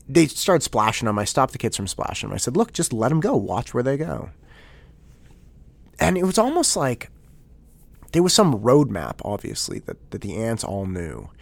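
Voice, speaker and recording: A man in his thirties hosting a casual solo podcast, telling a story in an animated way with many restarts. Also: mid-range voice, no echo. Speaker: podcast host.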